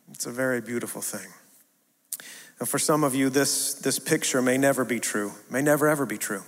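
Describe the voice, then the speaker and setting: A man in his thirties preaching a sermon, earnest and repetitive, moving from hushed tenderness to emphatic declarations. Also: mid-range voice. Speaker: pastor. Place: church sanctuary. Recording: long hall reverb.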